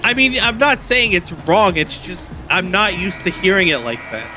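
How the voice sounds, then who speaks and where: A man from Louisiana doing casual color commentary, chatty and halting, correcting himself as he goes. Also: high-pitched, expressive, bright, forceful tone, soft background music.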